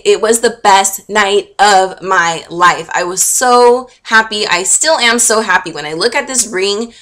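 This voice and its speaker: A woman's voice: medium pitch, fairly bright tone. A young woman vlogger telling a personal story in a gushing, emotional, chatty way with lots of fillers. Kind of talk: casual storytelling to camera.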